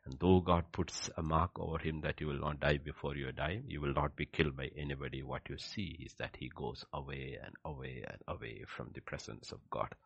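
A man preaching a sermon with emphatic rhetorical questions, swinging between loud declarations and hushed asides. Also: extremely low pitch, steady tone, a little fast, creaky, hardly any pauses, husky, no echo, highs cut off.

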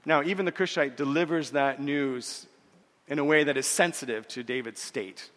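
A man preaching a sermon in an earnest way, repeating words and slowing down when he quotes scripture. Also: medium pitch, a bit bright, long reverb tail. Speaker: pastor.

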